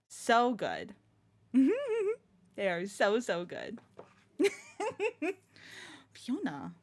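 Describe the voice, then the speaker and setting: A woman's voice: medium pitch, creaky. A woman streamer chatting casually to her viewers, bubbly and rambling, often breaking into giggles. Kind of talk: casual live-stream chat.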